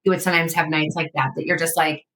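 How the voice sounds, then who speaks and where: A woman's voice: low-pitched, little pitch movement, fast talker, a bit bright, slight background noise, rough recording. A middle-aged woman hosting a podcast, chatting in a rambling way with lots of "like" fillers. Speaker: podcast host. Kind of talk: casual interview chat.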